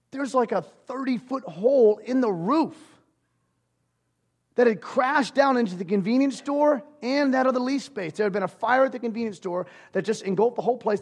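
A man in his thirties preaching with a high, light voice. He swings between loud, animated urging and soft, hushed passages, talking in a casual, personal way from the pulpit. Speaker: pastor. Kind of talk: sermon.

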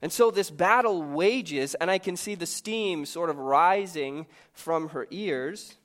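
A man's voice: on the high side, slow pace. Man in his thirties telling a story. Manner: lively, conversational and self-mocking. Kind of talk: storytelling sermon.

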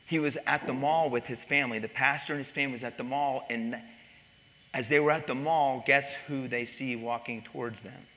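Male preacher, sharp bright tone, animated storytelling, echoing church hall. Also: mid-range voice. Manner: animated, repeats words, drops to quiet intense tones. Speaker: pastor. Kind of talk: sermon storytelling. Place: church sanctuary. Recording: long reverb in a large hall.

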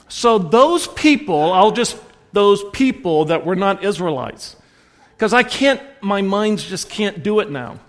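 A man's voice: sits high, a bit bright. A man with a Southern American accent preaching a sermon, telling stories and correcting himself as he goes. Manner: rambling storyteller, self-correcting with restarts. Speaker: pastor. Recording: long hall reverb.

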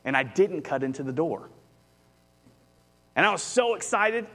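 A man's voice: a little high, animated, unhurried, bright, forceful tone. A man, preaching a conversational sermon as pastor, telling a story and rising with animation.

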